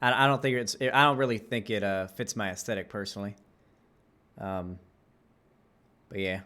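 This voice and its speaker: A man's voice: on the low side, normal speed, sharp tone, clear, resonant tone. A man from Florida giving casual reaction commentary over a video, rambling and chatty, full of asides and filler words. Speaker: reaction streamer.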